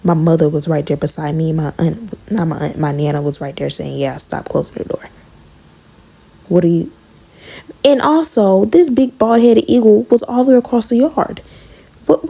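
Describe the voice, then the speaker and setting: A woman telling a personal story in a casual monologue, blunt, profane and animated. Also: low voice, vocal fry, breathy edge.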